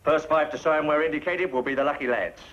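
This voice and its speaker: An actor playing a brisk, commanding British army officer in a 1950s film comedy. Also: male voice, a little high, fairly bright tone, dull audio, lightly acted. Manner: clipped, commanding.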